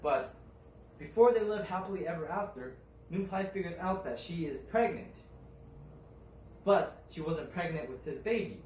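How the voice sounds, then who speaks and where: A young man retells a folk tale, pausing often and restarting his phrases. His voice sits a little high for a man. He is heard from a distance in an echoing room with faint ambience behind. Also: expressive, darkish tone, a little hiss or hum. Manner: halting, with fillers and restarts.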